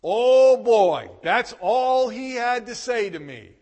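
A man preaching a sermon, telling a personal story with emphatic, animated delivery and loud bursts. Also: very high voice, slow, big-room sound. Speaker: pastor.

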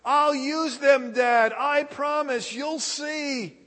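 A man voicing a pleading teenage boy in a sermon story, whiny and high-pitched. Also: slow pace, pushed and bright, big-room sound, heavily acted.

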